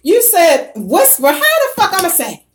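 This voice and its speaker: Animated, profane woman ranting to viewers. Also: very high voice, normal speed. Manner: bursts of loud laughter. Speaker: YouTuber reading live chat. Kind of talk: casual live-stream rant.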